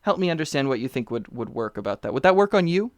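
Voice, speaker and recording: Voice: mid-range voice, fast talker, dry recording. Chatty person on a video call, lots of ums and restarts, dry sound. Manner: animated storyteller, frequent fillers and restarts. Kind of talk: casual conversational chat. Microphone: remote call mic.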